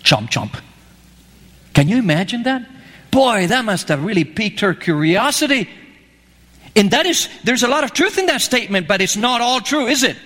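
A man's voice: very high voice, animated, a little fast, a bit bright. A man preaching a sermon in a conversational way, often asking his listeners questions. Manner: conversational, asks the audience questions. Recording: echoey hall.

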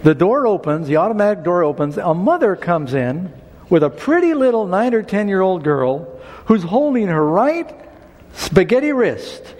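A man preaching a sermon, telling a personal story in an animated way and building to emphatic appeals. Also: high voice, in a large hall.

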